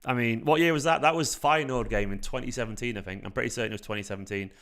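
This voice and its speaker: A young man from South Manchester with a light Manc twang talks through a live stream in a loose, rambling way. He swears freely and fills gaps with "like" and "um", sitting at a middling pitch for a man. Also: very fast. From South Manchester, England. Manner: rambling, animated, swears freely, frequent fillers. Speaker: football fan channel host. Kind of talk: casual live-stream chat.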